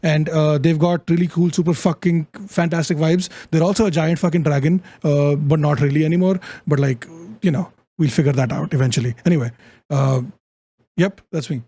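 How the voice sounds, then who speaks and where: A man's voice: fairly high pitch, fairly even intonation, a little fast, mellow, dry recording. Young man with a cracking voice. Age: 20s. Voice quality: voice keeps cracking. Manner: bubbly and self-deprecating, swears casually. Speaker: player. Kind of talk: casual chat.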